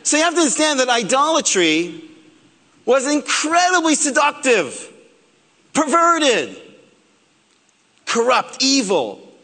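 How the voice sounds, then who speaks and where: A rabbi lectures with a joking, animated delivery. His voice sits high and swings widely. A long hall reverb trails behind him. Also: takes it slowly, pauses often. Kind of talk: humorous sermon-style lecture.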